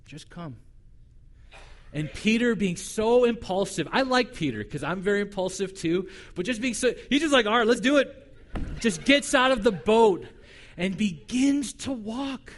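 High-voiced man preaching a sermon. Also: moderate pace. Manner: animated storytelling, conversational. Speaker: pastor.

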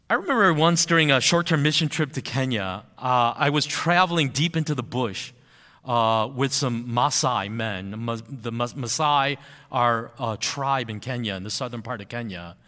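A man, a pastor, preaching a sermon, who slows right down and draws out key phrases for emphasis. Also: medium pitch, pushed and bright, long reverb tail.

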